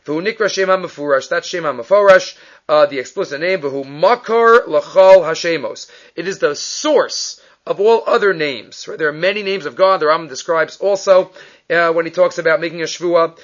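High-voiced man teaching a Talmud class. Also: normal speed. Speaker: Torah teacher. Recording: muffled, lo-fi recording.

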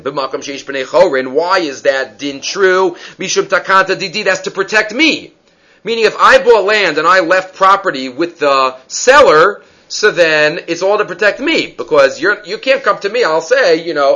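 Man, Talmud teacher, fairly high and bright voice, methodical question-and-answer explaining, dull lo-fi sound. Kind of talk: Talmud study lecture.

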